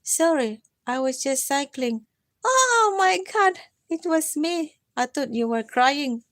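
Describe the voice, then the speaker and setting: A tired woman chatting on a casual live stream, gently coaxing and self-mocking, often repeating her listener's name. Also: high-pitched, a little slow. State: tired from lack of sleep. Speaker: livestreamer.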